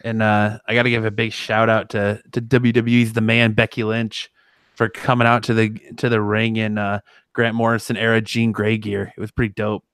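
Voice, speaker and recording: A man with a smooth, resonant voice chatting casually as a podcast host. He talks in a relaxed, rambling way. The close mic sounds dry. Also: lowish voice, normal speed, dry recording. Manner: relaxed, with frequent fillers and restarts. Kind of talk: casual chat.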